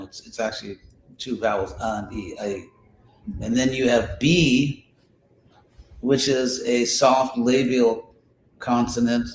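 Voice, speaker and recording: A man teaching a study class in an informal spoken lecture, explaining with examples, restarting phrases and sounding out syllables aloud. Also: medium pitch. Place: class in a room, with listeners present. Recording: echoey room with faint ambient noise.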